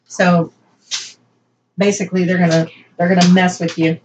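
A woman on a casual podcast, reading from her notes and breaking off into quick asides. She plays with emphasis as she goes, and the recording is slightly muffled with a faint hiss behind her. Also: on the low side, level tone, darkish tone. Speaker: podcast co-host.

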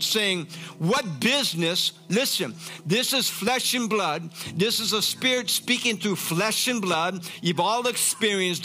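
A man preaching with a high, bright, forceful voice. He reads scripture and keeps stopping to comment and exclaim in fervent praise. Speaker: pastor. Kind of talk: sermon, reading scripture with commentary.

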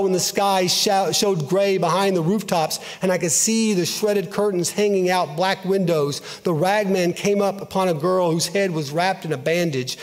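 Man reading a story aloud with feeling, kinda high voice, long echo like a big hall. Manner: earnest, emotive, measured.

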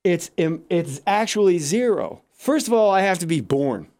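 A man telling stories in a casual interview, animated and acting out the people he quotes. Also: sits high, moderate pace. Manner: animated, acts out quoted voices. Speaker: comedian guest. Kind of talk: casual storytelling.

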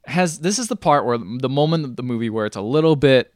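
A man chatting through a film's plot on a podcast, slipping into quick quoted lines for the characters. His voice sits at an ordinary middle pitch and sounds dry and close to the mic. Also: lively intonation, darkish tone, dry recording. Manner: retells scenes, quoting characters in mumbled asides. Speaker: podcast co-host. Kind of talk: casual movie recap chat.

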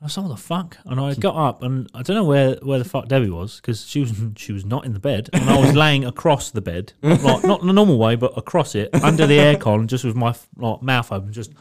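Here a man in a podcast chat tells a meandering, profanity-laced anecdote and keeps cracking up. He speaks a little fast in a mid-range voice, animated in intonation and rarely pausing.

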